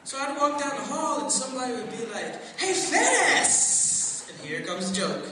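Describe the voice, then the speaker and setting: A man doing a stand-up comedy practice set, telling stories and acting out other people in high voices. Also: expressive, a little fast. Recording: roomy echo, far from the mic, noisy.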